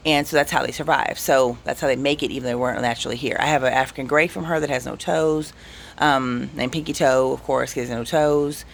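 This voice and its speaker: A man's voice: medium pitch, fairly quick, vocal fry, a little hiss or hum. A man telling casual, rambling anecdotes on his vlog. He cuts himself off and restarts often. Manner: rambling, self-interrupting, animated anecdotes. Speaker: vlogger. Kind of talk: casual storytelling.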